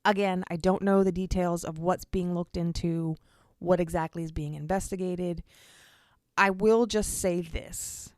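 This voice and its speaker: A woman's voice: lowish voice, fairly even intonation, unhurried, darkish tone, dry recording. A woman hosting a true crime podcast, narrating the case in an earnest, direct way and speaking to her listeners. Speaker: podcast host.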